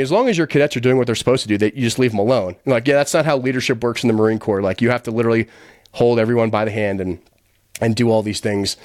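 A man's voice: medium pitch, no echo, clean studio sound. A man guesting on a podcast, telling a story in a blunt, profane way, chuckling often and packing his talk with fillers. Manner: quick, animated retelling with many fillers. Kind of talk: casual storytelling.

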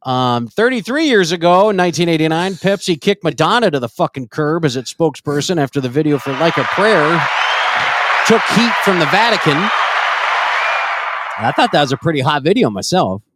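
A man's voice: a little high, big pitch swings, normal speed, a crowd in the background, noisy background. A middle-aged man co-hosting a comedy podcast, brash and profane, ranting in casual chat. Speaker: podcast co-host.

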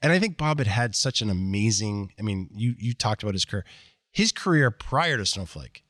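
A man, a company executive as interview guest, telling candid stories in a blunt, animated way and acting out quoted dialogue. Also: fairly low pitch, fairly quick, no echo, studio quality. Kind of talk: candid conversational storytelling.

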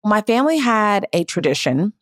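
A woman's voice: mid-range voice, sing-song, moderate pace, no room sound, clean studio sound. A woman in her thirties hosting a podcast, telling a personal story in an earnest, emotional, reflective way. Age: 30s. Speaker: podcast host.

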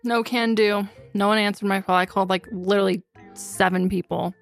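A woman's voice: medium pitch, steady tone, a little fast, creaky, soft background music. A woman co-hosting a podcast, bubbly and casual, often laughing through her lines. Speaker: podcast co-host. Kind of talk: casual chat.

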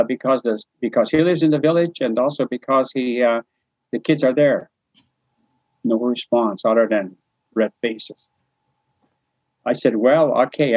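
A man from New Brunswick, Canada recounts his life as an interviewee in a casual spoken-memoir style, acting out the dialogue and chuckling often. His voice sits at medium pitch with a breathy edge. The recording is dry and slightly muffled, with no echo.

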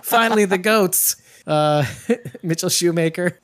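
A man hosting a live stream, chatting casually, excitable, swearing and laughing often. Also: fairly high pitch, normal speed, no room sound, clean studio sound. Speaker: livestream host. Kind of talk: casual live chat reacting to news.

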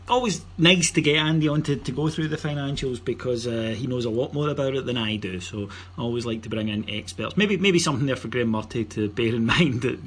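A man's voice: medium pitch, husky. A middle-aged man with a Scottish accent hosting a podcast, joking and bantering as he reads out announcements. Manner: joking, banter-heavy, promotional. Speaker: podcast host. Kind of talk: casual podcast chat.

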